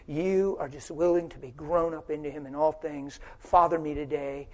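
A man preaching a sermon, asking rhetorical questions and swinging from loud, driving emphasis to hushed storytelling. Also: fairly high pitch, normal speed. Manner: asks the crowd rhetorical questions.

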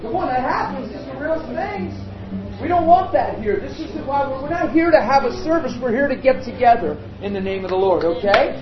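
A man preaching an informal sermon to his congregation, chatty and joking with them. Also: very high voice. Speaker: pastor. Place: meeting room with a congregation. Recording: roomy, dull sound with crowd behind.

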